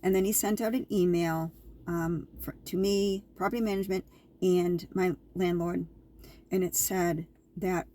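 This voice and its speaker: A woman's voice: on the low side, steady tone, a little slow, dark tone. A woman vlogger casually telling her viewers a story, chatty and repetitive, with an indignant edge.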